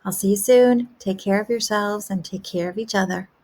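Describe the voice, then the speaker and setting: A woman kindergarten teacher giving a remote lesson, asking young children gentle, encouraging questions about a story. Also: medium pitch, normal speed.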